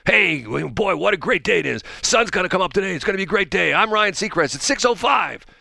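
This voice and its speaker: A man's voice: sits high, lively intonation, fast, vocal fry, sharp tone, dry recording, clean studio sound, voice pushed up, exaggerated voice. A man voicing a chirpy, upbeat male radio countdown host in a breezy sing-song manner.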